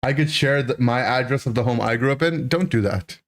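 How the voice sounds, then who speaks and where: Streamer guy in his 30s rambling through an old kid story, lots of "right?" and "like", average pitch. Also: brisk. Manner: animated, rambling, full of "right?" and "like". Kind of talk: casual storytelling to a live chat.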